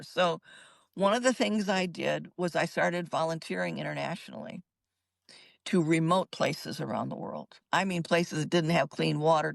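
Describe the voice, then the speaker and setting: A woman's voice: deep voice, creaky, no echo. An older woman, a psychologist, telling her own story in an interview in an emphatic, earnest way. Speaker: guest psychologist.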